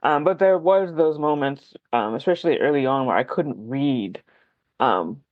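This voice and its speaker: Guesting on a casual podcast conversation, a fellow writer rambles and pokes fun at themselves, peppering everything with likes and ums. The mid-range voice is animated at a moderate pace, and the recording sounds dry and dull.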